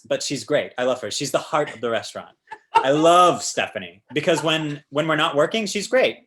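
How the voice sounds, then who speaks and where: A man from the American South, a guest actor, chatting casually and telling animated stories with plenty of fillers. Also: on the high side, moderate pace. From Georgia, US South. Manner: animated storyteller, many fillers. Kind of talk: casual interview chat.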